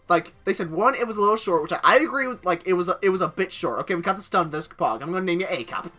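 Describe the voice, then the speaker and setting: A man's voice: high-pitched, very animated, rapid-fire, sharp tone, faint music behind. A young man casually narrating over gameplay, rambling through a story with many filler words. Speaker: gaming channel host.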